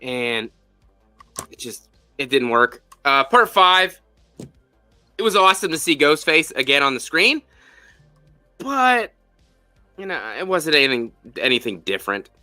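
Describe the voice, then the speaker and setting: A man hosting a casual spoiler review, talking animatedly and cursing often. His voice is very bright, his pitch swings a lot, and the sound is dry and close. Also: measured pace, pauses often, no room sound, soft background music. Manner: animated and profane, with lots of fillers. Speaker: podcast host.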